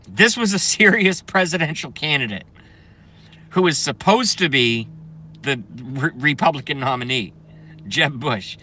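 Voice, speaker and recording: A man's voice: fairly high pitch, lively intonation, a little slow, bright, forceful tone, slightly rough. A man doing a comedic, profane live stream rant, keeps breaking into laughing fits. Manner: profane, sarcastic.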